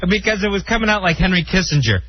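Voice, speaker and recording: A man's voice: high voice, lively intonation. A man co-hosting a call-in radio show, tossing in playful quips. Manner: playful banter, quick quips. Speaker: radio co-host. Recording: dull lo-fi radio broadcast with faint noise.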